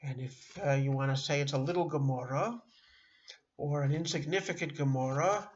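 A middle-aged man teaching a beginner language lesson online, halting often with fillers and restarting words. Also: a little high, lo-fi sound, a little hiss or hum. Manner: halting, with frequent uh and self-corrections. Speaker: Yiddish teacher.

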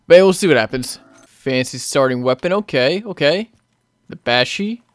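Young guy doing gameplay commentary, fairly high voice that jumps all over, gets loud and frustrated fast. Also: no room sound. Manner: excitable, yelling in frustration when swarmed. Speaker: gaming channel host.

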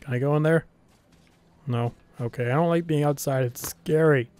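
A man with a somewhat high, darkish voice talks fairly quickly over slight background noise. He's a let's play gamer casually commenting live on his own gameplay, nervously talking to himself, reacting aloud to the game and swearing often.

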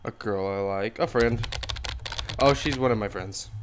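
A man's voice: on the low side, measured pace. A man casually commentating a chat game, making joking, self-mocking asides as he types replies. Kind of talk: casual let's-play commentary. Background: loud background music and keyboard typing.

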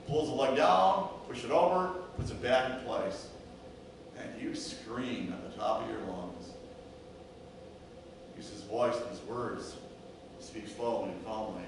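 A man preaching a sermon as pastor, telling a story and acting out the voices of an injured sheep and a calm shepherd. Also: fairly low pitch, unhurried, pauses often. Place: church sanctuary. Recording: echoey church, distant mic, noisy.

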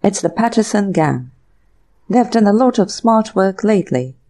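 A woman's voice: mid-range voice, lively intonation, moderate pace, warm tone, lightly acted. A woman voicing a curt, unsympathetic male police inspector in an audiobook reading. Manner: curt, matter-of-fact.

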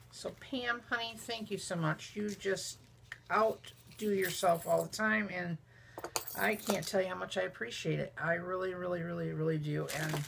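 Her mid-range voice has a gravelly quality, and the background is noisy as this vlogger unboxes mail from friends. She chats casually, gushing over every small gift and talking to her viewers and the items as she unwraps them.

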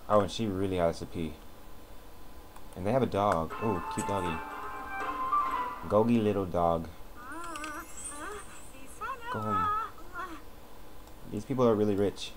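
A man giving casual gameplay commentary, sarcastic and swearing as he talks at the game characters, at a desk mic. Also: low voice. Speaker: let's play commentator. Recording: noisy home recording with keyboard clicks.

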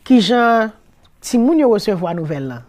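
A woman with a Haitian accent hosting an interview, asking questions in a relaxed, conversational way with soft backchannels. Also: on the high side, normal speed. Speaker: host. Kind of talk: casual interview.

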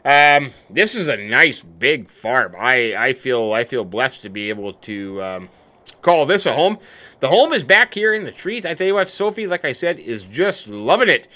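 A man's voice: mid-range voice, moderate pace. A man giving casual gameplay commentary as a folksy, hammy farmer character full of exclamations. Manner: folksy, hammy farmer persona with stock catchphrases; animated, exclaiming. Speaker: let's play host.

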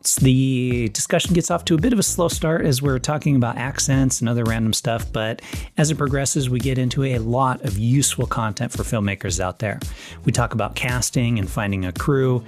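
A man hosting a casual interview podcast, asking chatty, rambling questions with frequent restarts. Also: medium pitch. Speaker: podcast host.

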